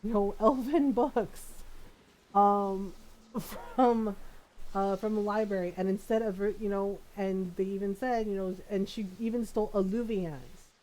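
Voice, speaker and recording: A woman's voice: mid-range voice, unhurried, rough recording. A woman streamer chatting casually while playing a game, talking to her chat and laughing often. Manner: animated, laughs often, quotes people in playful voices. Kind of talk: casual gameplay chat with chat readers.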